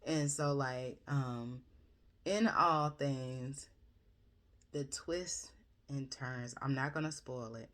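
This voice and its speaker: A woman's voice: a bass voice, slow. A woman recapping a book in a casual, rambling chat, gushing about it and correcting herself often. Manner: rambling, chatty, with frequent fillers and self-corrections; animated, gushing and expressive. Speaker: book reviewer.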